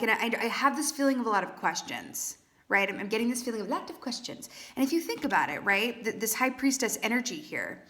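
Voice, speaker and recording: A woman's voice: a little high, sing-song, fast talker, bright, forceful tone. Woman tarot reader, casual and playful, talks straight to the viewer with lots of asides. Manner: chatty, playful, with frequent "right?" asides. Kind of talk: casual tarot reading monologue.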